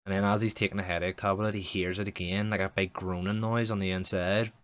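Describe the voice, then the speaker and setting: Low-voiced man telling a rambling story. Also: flat delivery, fast talker, a bit bright. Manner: rambling, profane, many restarts. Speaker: streamer. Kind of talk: improvised comic storytelling.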